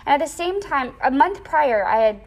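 A young woman in a casual interview, telling a personal story with lively acted-out quotes and lots of "like". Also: high-pitched, moderate pace. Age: young adult. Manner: animated storyteller, acts out quoted voices; frequent "like" fillers.

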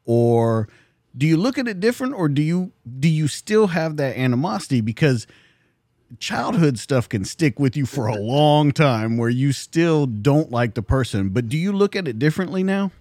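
A man's voice: fairly high pitch, very animated, moderate pace, a little mellow, no echo, clean studio sound. A man hosting an interview, asking a reflective question and repeating words as he builds it. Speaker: podcast host.

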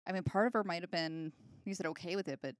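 Fast-talking low-voiced woman co-host. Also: no room sound, studio quality. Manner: animated, swears casually, many "like" fillers. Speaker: podcast co-host. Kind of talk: casual chat.

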